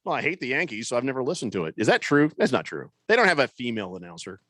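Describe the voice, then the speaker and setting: A man hosting a sports talk radio show, joking around with co-hosts and reading listener comments aloud in an animated, wisecracking way. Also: medium pitch, very fast, no room sound. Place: radio studio. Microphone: studio microphone.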